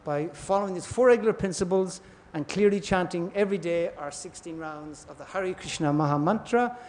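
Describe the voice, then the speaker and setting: Man, high voice, lecturing on scripture and acting out parable voices in a lively way. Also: a little fast, slight background noise. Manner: storytelling, acts out voices in parables. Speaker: class speaker. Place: temple hall.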